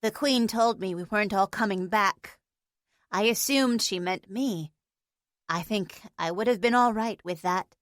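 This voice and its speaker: A woman's voice: medium pitch, a little slow, dry recording, studio quality, close to an everyday voice. A woman voicing a small, teary female pixie who is blunt, sarcastic and swears. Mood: subdued.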